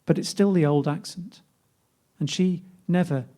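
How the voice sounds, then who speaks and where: Mellow man reading a wry poem. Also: fairly high pitch, a little slow. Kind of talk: poetry reading.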